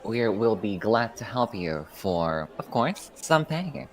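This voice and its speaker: A man's voice: lowish voice, big pitch swings, slow pace. A man playing a tabletop game, narrating his character's actions theatrically. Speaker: player. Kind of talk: casual tabletop play.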